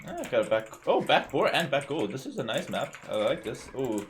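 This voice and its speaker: A young man from South Carolina streaming a game, talking casually with viewers in a relaxed, rambling way and often repeating words. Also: mid-range voice, a little fast, slight background noise. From South Carolina, USA. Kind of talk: casual live-stream chat.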